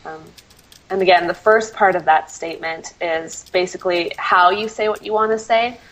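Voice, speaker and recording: A woman's voice: lowish voice, fairly even intonation, moderate pace, a bit bright, rough recording. A woman copywriter answering interview questions, laughing often and apologizing for herself, with many ums. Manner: self-deprecating, laughs often, many fillers.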